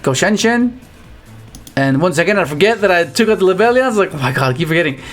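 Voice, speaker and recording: Animated man recapping his card game. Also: high voice, fast talker, faint music behind. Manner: rambling, restarts often, animated exclamations. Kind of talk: casual gameplay commentary.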